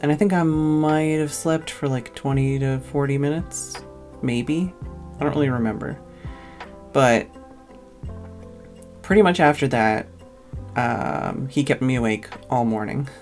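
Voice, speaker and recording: A woman's voice: a bass voice, measured pace, long pauses, darkish tone, faint music behind. Tired woman rambling through a story. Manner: rambling, lots of "like" fillers. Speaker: streamer. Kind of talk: casual storytelling.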